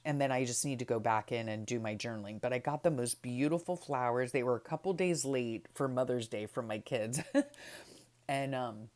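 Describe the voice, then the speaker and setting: Very low-voiced chatty crafting woman. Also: moderate pace. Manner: chatty, rambling, trails off softly. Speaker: craft vlogger. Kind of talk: casual craft journal flip-through chat.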